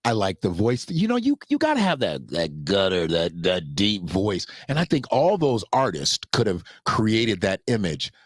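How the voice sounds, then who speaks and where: A man hosting a casual solo commentary show, talking loosely and jumping into high mocking voices when he quotes others. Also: big pitch swings, normal speed, few pauses, no echo, studio quality.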